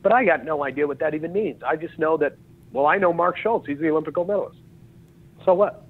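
Over a tinny, phone-like line, a fast-talking man with a fairly high pitch tells stories as a podcast guest. He's a jiu-jitsu and wrestling coach from Utah in his thirties, lively in casual conversation, acting out dialogue and laughing often.

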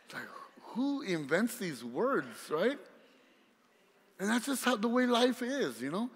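A male pastor preaching a sermon in a lively, conversational way, talking straight to the congregation. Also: on the high side, unhurried, pauses often, in a large hall.

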